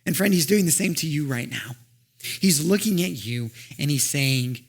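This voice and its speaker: A man pastor preaching a sermon, swinging from loud, emphatic urging to soft, intimate asides. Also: fairly high pitch, animated, moderate pace, creaky, husky.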